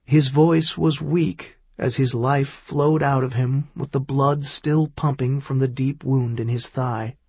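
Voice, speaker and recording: Slow, husky male audiobook narrator. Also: medium pitch, fairly even intonation, darkish tone, no echo, muffled recording. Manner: measured, dramatic storytelling.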